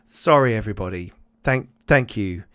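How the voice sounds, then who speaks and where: A man's voice: on the low side, animated, moderate pace, a bit bright, clear, resonant tone, no echo, clean studio sound. A man voicing a harried woman who runs a campsite office, soothing and apologizing. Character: flustered woman innkeeper at a campsite.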